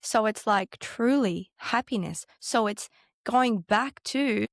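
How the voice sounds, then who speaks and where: A woman's voice: fairly high pitch, takes it slowly, dry recording, studio quality. A woman chatting casually, telling anecdotes and acting out the lines of people in them. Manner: animated storyteller acting out quotes. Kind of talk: casual chat.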